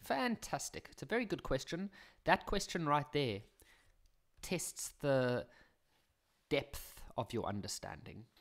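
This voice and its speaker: Chatty South African maths teacher. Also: male voice, mid-range voice, big pitch swings, takes it slowly, vocal fry, long pauses. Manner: chatty, jokey, self-mocking asides. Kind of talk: casual maths exam walkthrough.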